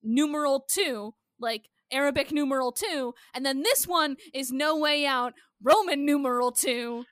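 A woman's voice: sits high, unhurried, hardly any pauses, fairly bright tone, no room sound, studio quality. A woman with a Midwestern accent, co-hosting a casual chat show and ranting passionately with plenty of swearing. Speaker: podcast co-host.

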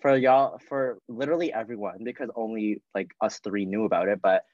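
A man's voice: lowish voice, brisk, a little mellow, no room sound. A young man hosting a podcast in casual chat, rambling along with lots of fillers. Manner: chatty, rambling, filler-heavy. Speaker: podcast host. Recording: dry, dull lo-fi sound.

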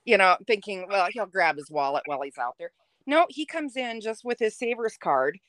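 A woman's voice: medium pitch, normal speed, dry recording. Brief: young adult woman, mid-range voice, casual storyteller, dry close sound. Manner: chatty, animated, laughs while telling. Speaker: podcast guest.

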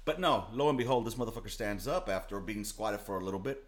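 A man's voice: on the low side, expressive, fast talker. Crude podcast guy from LA, cusses constantly, laughs a lot, casual chat. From Los Angeles, California. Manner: profane, laughing, swaggering storyteller. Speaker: podcast co-host.

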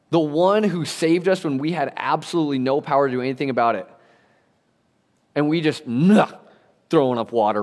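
A young man delivers a sermon from the pulpit, his medium-pitched voice carrying a long reverb through the church hall. He preaches in a lively, storytelling way, dropping casual slang as he goes. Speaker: pastor. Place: church sanctuary.

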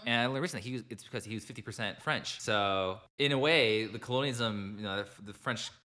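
Bright-voiced young man, low and earnest. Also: quick pace. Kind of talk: casual group chat.

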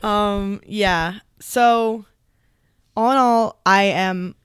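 A woman's voice: medium pitch, fairly even intonation, very slow, smooth. Woman co-host telling a candid story. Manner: candid storytelling with frequent laughs. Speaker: podcast co-host. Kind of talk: casual chat.

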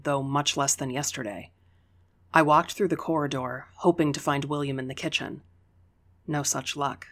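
An audiobook narrator reading a first-person story in an even, unhurried way. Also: medium pitch.

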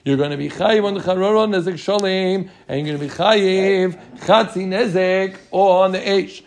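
A man teaching a Talmud class to students, lively and joking, who quizzes them with quick rhetorical questions. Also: high-pitched.

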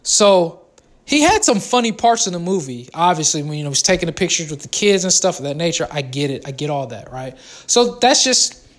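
A man with a voice on the high side talks fairly quickly through a casual movie review on his vlog. He's excitable and rambling, switching topics often and fixing his own words mid-stream.

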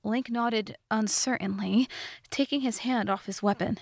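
A woman narrating a fantasy novelization as an audiobook, reading in a steady, measured way. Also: a little high, vocal fry, no room sound, clean studio sound. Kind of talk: scripted narration.

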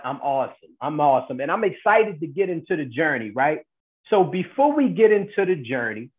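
A man hosting a networking interview show over a video call, upbeat, often tagging "right?" onto his points. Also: a little high. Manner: upbeat, asks questions and adds "right?". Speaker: host. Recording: tinny phone-like line.

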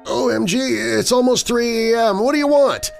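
A man voicing an annoyed middle-aged mother who has just been woken in the night, asking sharp, exasperated questions. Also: extremely high pitch, normal speed, creaky, soft background music, voice pushed up.

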